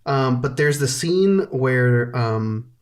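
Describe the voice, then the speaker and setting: A man's voice: mid-range voice, takes it slowly. A man co-hosting a movie podcast, chatting casually and nitpicking a film while acting out lines in a mocking voice. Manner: animated nitpicking, acts out quotes. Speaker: podcast co-host. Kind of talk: casual chat.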